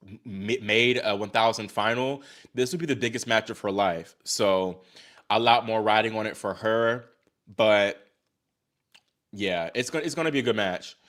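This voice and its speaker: An excitable young man from Virginia, US, hosts a livestream, reacting to tennis and chatting casually with his viewers. His voice is medium in pitch, and he talks to chat, sighing and exclaiming as he goes.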